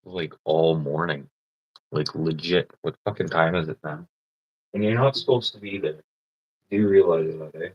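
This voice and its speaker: A man's voice: low voice, normal speed, slightly rough, no room sound, muffled recording. A man chatting casually on a livestream, often swearing, laughing and teasing. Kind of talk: casual live-stream chat.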